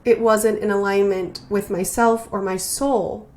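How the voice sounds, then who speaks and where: A woman hosting a spiritual podcast, speaking slowly and earnestly in a heartfelt, reflective way, often repeating her phrases. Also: mid-range voice, fairly even intonation, darkish tone. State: emotional, near tears.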